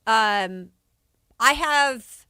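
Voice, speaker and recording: A woman's voice: fairly high pitch, animated, drawn-out words, bright, forceful tone, clean tone, no echo, clean studio sound. A woman from Spokane co-hosting a sports radio show, chatting casually and laughing easily. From Spokane, Washington.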